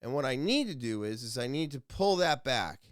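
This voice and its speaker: A young man talks casually on his own podcast, his pitch rising and falling in a lively way. His voice is clear and resonant, recorded dry and close. He rambles and restarts sentences as he works through an idea. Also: normal speed, no echo. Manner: rambling, self-correcting, explaining to listeners. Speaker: podcast host. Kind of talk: casual solo podcast talk.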